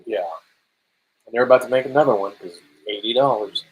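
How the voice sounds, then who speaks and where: A man with a somewhat husky voice talks casually on a podcast about video games. He tells stories in an animated way and slips into little acted-out quotes. His pitch sits in an ordinary middle range. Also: a little fast, poor audio. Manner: animated storytelling, acts out quotes. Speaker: podcast co-host.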